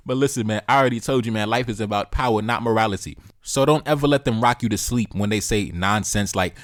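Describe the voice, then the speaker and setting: A man's voice: lowish voice, fast talker, few pauses, no echo. A man hosting a reaction video, giving heated political commentary in a blunt, profane way and repeating his key points, close to the mic.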